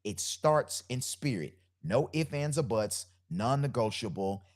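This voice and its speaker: A man with a deep bass voice hosting a live solo podcast, talking loosely about energy and spirit and repeating his phrases. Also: expressive, unhurried. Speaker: podcast host.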